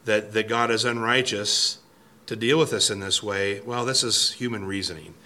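Bright-voiced man teaching from scripture. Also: lowish voice, steady tone, moderate pace. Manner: thoughtful, restarts phrases, reads quotes aloud. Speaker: Bible teacher. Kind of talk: verse-by-verse Bible teaching.

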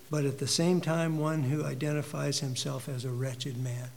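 A man preaching a sermon with a fairly high voice, pressing his points with rhetorical questions. His words ring out with a long reverb, as if in a large hall. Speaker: pastor.

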